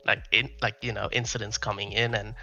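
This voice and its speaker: A man's voice: on the low side, flat delivery, a little fast, gravelly, pushed and bright, muffled recording. A man chatting in an online voice chat, hesitant and trailing off. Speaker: participant in a live voice chat. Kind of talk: casual chat.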